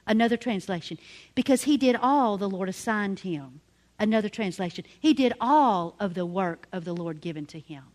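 A middle-aged woman teaching a women's ministry sermon, emphatic, slowly spelling out key words letter by letter. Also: a little high.

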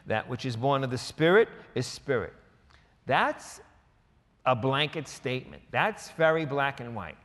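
A male pastor preaching in a conversational, emphatic way, breaking into quick quoted asides. His voice sits at an ordinary middle pitch. The sound carries a long reverb from a church hall. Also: very animated, fairly bright tone. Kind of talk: sermon.

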